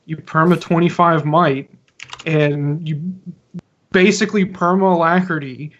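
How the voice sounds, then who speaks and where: A man with a fairly high voice speaks as a guest on a casual gaming show. He sounds confident and explains things in detail, and his mic comes through dull and lo-fi. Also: fairly even intonation, a little slow, fairly bright tone. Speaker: guest player.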